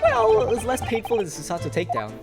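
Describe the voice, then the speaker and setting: A woman's voice: a little high, wildly swooping pitch, fast talker. A woman giving casual gameplay commentary, tossing in joking asides and laughs. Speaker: let's play gamer. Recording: loud game music behind.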